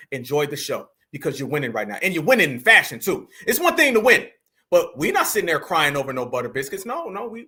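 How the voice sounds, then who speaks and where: High bright-voiced man preaching commentary. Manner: preachy, repetitive, rhetorical questions; mocking. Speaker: commentary host. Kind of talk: reaction commentary.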